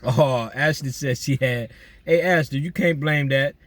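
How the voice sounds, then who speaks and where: A man chatting casually outdoors at night, giving relaxed, slangy shout-outs to his listeners. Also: mid-range voice, measured pace. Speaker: vlogger doing viewer shout-outs. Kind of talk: casual chat.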